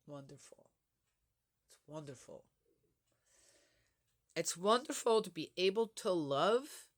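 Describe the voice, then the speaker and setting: An older woman talking frankly and chattily to her viewers, with soft laughs along the way. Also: lowish voice, animated, slow pace, long pauses. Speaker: vlogger. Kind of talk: casual talk to camera.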